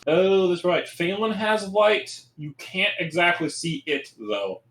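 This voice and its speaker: A man narrating as game master in a tabletop game, relaxed and descriptive, laughing easily at the players. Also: high voice, slow. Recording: echoey room.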